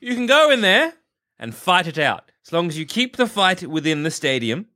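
A man's voice: high-pitched, very animated, moderate pace, sharp tone. A young man in an improvised comedy sketch, exasperated, swearing and laughing as he bargains.

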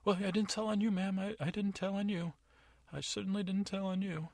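A man's voice: high voice, level tone, fairly quick, vocal fry, darkish tone, dry recording, pitched above the performer's own voice. Man doing a whimpering dolt of a guard. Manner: whiny, panicky. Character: whimpering doltish young male guard captain.

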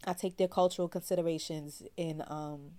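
A woman therapist tells her own story in a frank, animated, slangy voice. Her voice sits a little low for a woman. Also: moderate pace. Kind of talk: candid personal storytelling.

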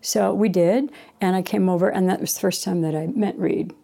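A woman's voice: on the low side, steady tone, fairly quick, vocal fry, dark tone. A middle-aged woman telling a rambling personal story in a casual way, acting out quoted lines as she goes. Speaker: interviewee.

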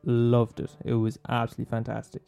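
A man with an Irish accent rambles through a casual podcast monologue, swearing freely and poking fun at his listeners and himself. His voice is very dark and mellow, sitting at an ordinary pitch. Faint guitar music plays behind him. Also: monotone, quick pace, gravelly, smooth. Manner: swearing, laughing, teasing, self-mocking. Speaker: podcast host recommending films.

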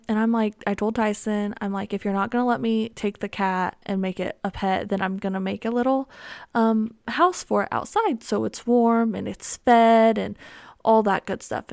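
A woman's voice: medium pitch, creaky, darkish tone, dry recording. Young woman, podcast host, rambling storytelling, lots of ums, dry close sound. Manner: rambling, many ums and likes. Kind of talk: casual solo storytelling.

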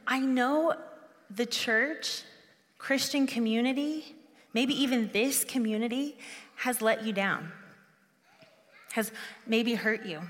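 Woman preacher, earnest and conversational, fairly high voice, reverberant hall. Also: a bit bright. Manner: earnest, conversational, with frequent restarts. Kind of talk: sermon.

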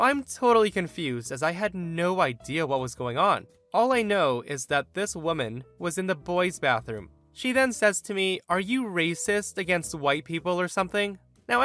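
A man with a bright, forceful voice reads a story aloud, his pitch swooping up and down as he acts out the quoted lines. Soft music plays underneath him. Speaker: story narrator. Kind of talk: reading a reddit story aloud.

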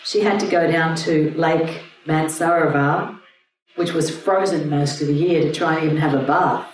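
A woman's voice: low-pitched, fairly even intonation, normal speed. A woman teacher retelling a myth to a group in a chatty, irreverent storytelling way. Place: room with an audience. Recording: roomy, distant mic, faint hum.

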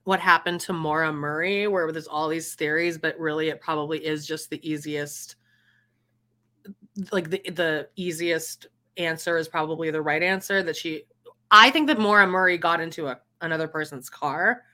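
A woman's voice: low-pitched, fairly even intonation, normal speed, bright, forceful tone. A woman co-hosting a podcast, chatting casually about TV shows, rambling and laughing often. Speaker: podcast co-host. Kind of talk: casual chat.

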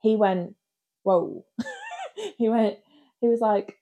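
A woman's voice: mid-range voice, slow pace, pauses often. A woman co-hosting a podcast, telling stories in casual chat and laughing often. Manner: laughs often, animated storytelling. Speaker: podcast co-host.

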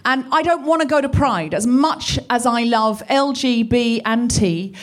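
A woman's voice: a little high, animated, a little slow. Chatty woman telling stories onstage. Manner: chatty, self-mocking, with hesitant restarts. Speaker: comedy podcast co-host. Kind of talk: stand-up storytelling before a live audience. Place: arts centre stage. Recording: live stage recording, faint noise.

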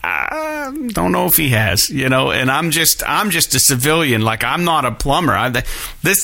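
Animated, swearing man telling a story. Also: medium pitch, creaky. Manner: profane, animated, acts out quoted people. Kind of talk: casual storytelling chat.

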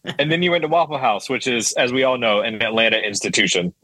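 A man's voice: medium pitch, fast, bright, forceful tone, dry recording, poor audio. A man hosting a podcast, eagerly asking his guest follow-up questions in casual chat. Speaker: podcast host.

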